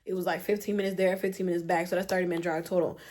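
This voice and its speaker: A woman's voice: fairly low pitch, flat delivery, racing, darkish tone, slight background noise. Young woman ranting on her vlog, slangy, lots of "like", exasperated. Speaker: vlogger. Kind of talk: storytime vlog.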